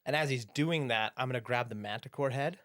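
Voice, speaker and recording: A male tabletop player talking through his moves in an easygoing way, now and then checking the rules. His voice sits at an average pitch. The recording is dry and close. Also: a little fast, fairly bright tone, dry recording. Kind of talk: casual chat at a tabletop game.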